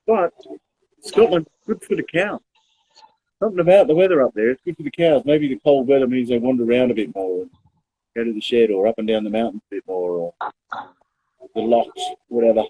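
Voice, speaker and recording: A man's voice: mid-range voice, a little fast, pauses often, warm tone, husky. A man co-hosting a live barbecue stream, chatting and laughing easily while he cooks. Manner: chatty, laughs often, talks while cooking. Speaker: co-host of a live barbecue show. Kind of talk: casual live-stream chat. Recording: thin phone-like audio with faint noise.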